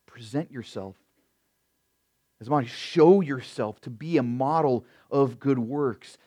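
A middle-aged man preaching a sermon as pastor, emphatic, swinging between loud stressed words and quiet asides, often calling his listeners "beloved.". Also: on the high side.

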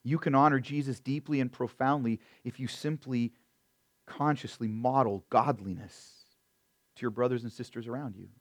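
A middle-aged man preaching a sermon as pastor, emphatic, swinging between loud stressed words and quiet asides, often calling his listeners "beloved.". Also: mid-range voice, steady tone, normal speed.

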